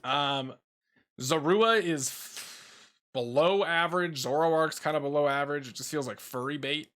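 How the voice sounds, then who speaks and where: A young YouTube host ranks game creatures in casual tier list commentary, rambling, opinionated, and full of fillers. His voice is on the high side, fairly bright, and a little slow.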